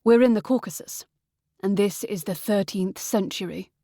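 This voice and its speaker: Woman voicing a flat, preachy young man. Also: mid-range voice, normal speed, no echo, clean studio sound, natural voice. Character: hungover, gloomy young man.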